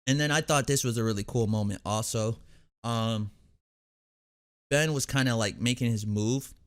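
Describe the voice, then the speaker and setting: A man's voice: mid-range voice, normal speed, clean tone. A young man hosting a reaction video, casually recapping an episode in a rambling way, full of fillers and restarts.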